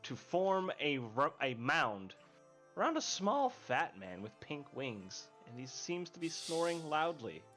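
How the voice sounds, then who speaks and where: Lively bright-voiced male game master. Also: a little high, unhurried, faint music behind. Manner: lively, laughing, voices townsfolk. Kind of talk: narrating a tabletop game.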